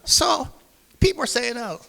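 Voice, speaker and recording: Gravelly older Caymanian man telling sea stories. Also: very high voice, unhurried, in a large hall. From Cayman Islands. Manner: lively anecdotal storytelling with acted-out dialogue. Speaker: retired seafarer on a panel. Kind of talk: storytelling to an audience. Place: public talk in a hall.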